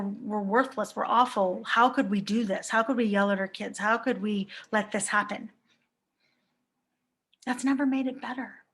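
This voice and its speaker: A woman's voice: fairly high pitch, a little slow, long pauses, fairly bright tone, breathy edge. A woman in her thirties, a life coach giving a reflective live talk to viewers and asking many rhetorical questions.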